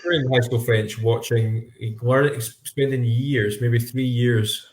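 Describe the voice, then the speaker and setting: A man's voice: medium pitch, fairly even intonation, slow, slight background noise. Young male co-host, mid-range voice, meandering storyteller, roomy and echoey recording. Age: young adult. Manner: rambling, restarting sentences as he recalls. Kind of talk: casual podcast chat.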